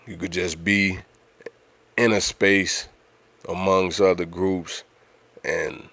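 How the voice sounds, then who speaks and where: Deep-voiced man talking casually on a livestream. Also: level tone, slow, a bit bright, dry recording. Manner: conversational, repeats himself, frequent "you know what I'm saying". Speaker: livestream host.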